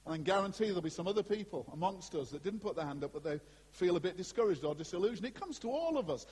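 Husky-voiced male pastor in a hall. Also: high-pitched, very fast. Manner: animated and conversational, with asides to the congregation. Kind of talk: sermon. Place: church before a congregation. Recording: long hall reverb.

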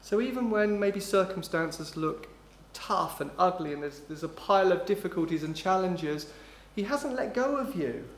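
High-voiced emphatic male preacher, roomy echo. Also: animated, a little hiss or hum. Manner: emphatic, slowing down on key phrases, dropping low and quiet when quoting. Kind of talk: sermon.

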